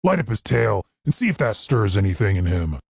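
A man voicing a brutish male half-orc thug with a deep, guttural, gravelly voice. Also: sing-song, fairly quick, darkish tone, no room sound, studio quality, full character voice. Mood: sneering.

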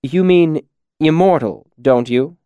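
A man's voice: on the high side, very animated, slow, darkish tone, dry recording, dull audio, pitched above the performer's own voice, full character voice. A man voicing a nervous male scribe who answers uncertainly. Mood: uneasy. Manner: uncertain, hesitant.

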